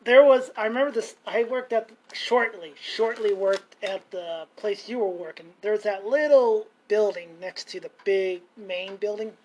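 A man's voice: high voice, a little slow, hardly any pauses, rough recording. A man telling a rambling story in casual chat at home, acting out the people he quotes with mocking voices. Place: home kitchen.

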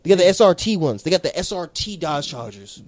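A man telling a story in casual chat, animated and swearing, acting out the people in it. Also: sits high, quick pace, no echo. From South Carolina. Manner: animated, swearing, mimics people in his stories.

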